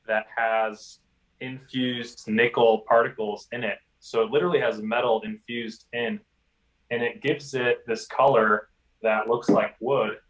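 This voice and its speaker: A man being interviewed about his company's products, speaking easily with many pauses and restarts. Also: medium pitch, flat delivery, fairly bright tone. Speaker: interviewee from an instrument maker. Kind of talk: recorded interview. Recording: roomy, distant mic.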